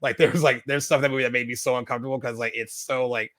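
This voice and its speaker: Man, podcast co-host, loose rambling film chat, fast bright voice, dry close sound. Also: medium pitch, fairly even intonation, dry recording. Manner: rambling, many fillers and restarts. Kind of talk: casual film review chat.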